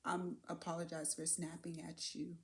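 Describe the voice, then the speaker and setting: A woman speaks to her camera in a candid, reflective vlog. Her voice sits a little low, and she muses aloud, often pausing on fillers and laughing softly as she works through her thoughts. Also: level tone. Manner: candid, musing, with soft laughs and trailing fillers. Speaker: vlogger.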